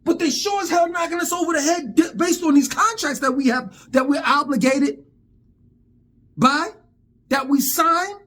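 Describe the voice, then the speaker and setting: A man's voice: very high voice, moderate pace, fairly bright tone. A man delivering a heated, profane vlog rant, often stammering over repeated words. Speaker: vlogger. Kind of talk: angry monologue rant.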